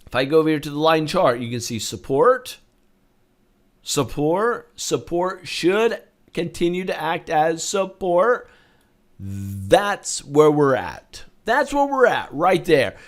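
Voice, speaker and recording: A man hosting a market review, talking through charts in a punchy, repetitive way, getting loud on key points and dropping quiet on warnings. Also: on the high side, big pitch swings, slow pace. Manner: emphatic, repeats words, swings loud and soft. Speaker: market analyst host. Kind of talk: chart review talk to camera.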